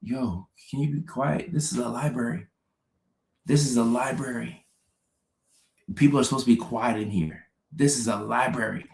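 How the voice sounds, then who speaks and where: A man voicing an annoyed library patron who scolds someone for being loud. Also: mid-range voice, moderate pace, vocal fry, close to an everyday voice. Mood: scolding. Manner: scolding, exasperated. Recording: roomy echo.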